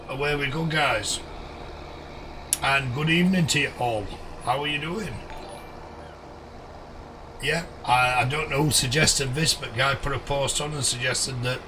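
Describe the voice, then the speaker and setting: A man live-streaming a game, greeting viewers by name in a chummy way, his voice going a little hoarse. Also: medium pitch, distant mic, background noise.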